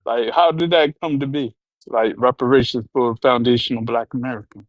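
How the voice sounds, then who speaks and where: A man calling in to a talk show, speaking hesitantly with many pauses and ums. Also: medium pitch, steady tone, no room sound. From Virginia. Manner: hesitant, halting, full of ums. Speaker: caller. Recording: dull lo-fi call line.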